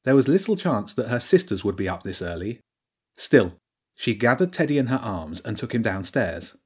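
A man narrating an audiobook in a calm, even storytelling manner. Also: on the low side, moderate pace, husky.

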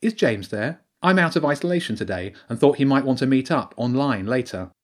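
A man's voice: mid-range voice, animated, a little fast, natural voice. A man voicing an earnest, anxious young teenage girl in an audiobook, with a pleading, urgent manner.

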